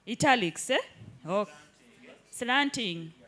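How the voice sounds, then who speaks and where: A woman's voice: fairly high pitch, expressive, slow, fairly bright tone. A woman teaching a live hands-on workshop in an indoor training room, keeps checking that the group follows. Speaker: digital skills trainer.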